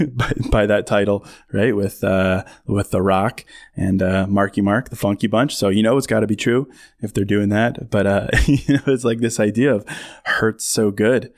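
Casual guy rambling on his podcast, laughs a lot, kinda low voice, no room echo. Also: creaky, clean studio sound. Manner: chatty, laughs often, many fillers, mock voices for quotes. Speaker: podcast host. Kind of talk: casual solo podcast monologue.

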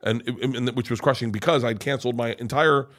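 A middle-aged comedian guest with a mid-range, slightly bright voice speaks briskly. He tells stories in a rambling, profane style with many restarts during a casual storytelling chat.

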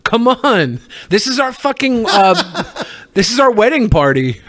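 A man's voice: very high voice, very animated, a little slow, fairly bright tone, no echo, clean studio sound. A man co-hosting a podcast, joking crudely and teasing his guests in casual banter. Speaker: co-host.

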